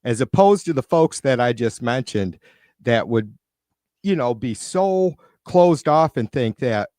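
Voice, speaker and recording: A man's voice: mid-range voice, animated, measured pace, a little mellow, dry recording, clean studio sound. A man hosting a live stream, reading viewer comments aloud and ranting with frequent profanity and irritation. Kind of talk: casual live-stream rant. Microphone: computer mic on a live stream.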